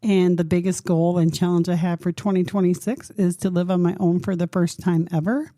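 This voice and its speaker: A woman's voice: on the low side, steady tone, brisk, mellow, no room sound, studio quality. A woman in her fifties hosting a solo podcast, talking in an earnest, open way and encouraging her listeners directly. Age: 50s. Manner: open and emotional, thinking aloud. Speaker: podcast host. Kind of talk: reflective solo podcast talk.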